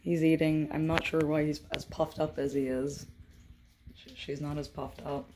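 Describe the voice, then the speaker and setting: Her voice is low, warm and level in tone, at normal speed, as a young woman films her cats at home on a phone. She chats to them in playful sing-song baby talk, with slight background noise behind her.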